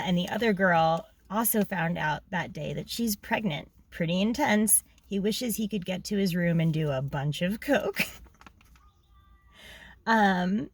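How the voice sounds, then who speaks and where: A young woman casually reading aloud from her old journal, frank and chatty, with many ums and small laughs. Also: fairly low pitch.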